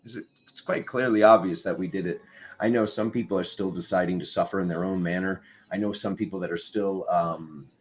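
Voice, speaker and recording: A man hosting a spiritual tarot live stream who has just woken up, chatting playfully and calling out viewers by name. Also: sits low. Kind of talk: casual live-stream chat greeting viewers.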